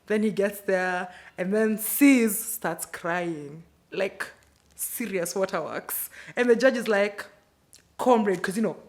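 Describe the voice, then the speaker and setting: Speaking slowly in a mid-range voice, a Kenyan-accented book channel host chats about the books she got through this month. Her wrap-up is relaxed, with slangy, playful asides.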